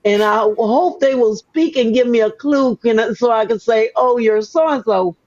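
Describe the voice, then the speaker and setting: A woman's voice: on the high side, normal speed, darkish tone, highs cut off. An older woman from the Gullah Geechee region, hosting an interview with Southern Gullah Geechee traces and a folksy, storytelling way of repeating words. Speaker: host. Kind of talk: casual interview chat.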